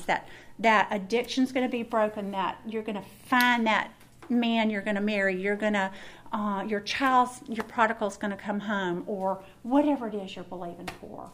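A woman's voice: mid-range voice, slight background noise. A middle-aged woman delivers a sermon in a folksy, conversational way. She addresses her listeners directly as she teaches. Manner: folksy, warm address to the room. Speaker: women's Bible teacher.

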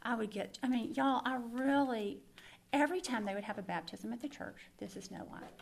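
Gravelly-voiced woman giving testimony. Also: fairly high pitch, a little fast, a little hiss or hum. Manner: earnest, emphatic, confiding, repeats words for stress. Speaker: Christian speaker. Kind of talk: personal testimony sermon.

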